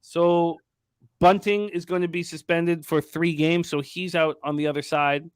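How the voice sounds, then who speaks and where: Host, male, sports betting show: brisk and emphatic, reads off stats, voice a bit high, dry booth sound. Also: flat delivery, smooth, no room sound.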